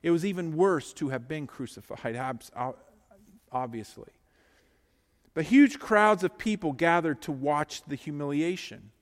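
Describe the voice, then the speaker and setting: A man preaching a sermon, swinging between hushed, slow lines and loud, urgent ones. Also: fairly high pitch, long reverb tail.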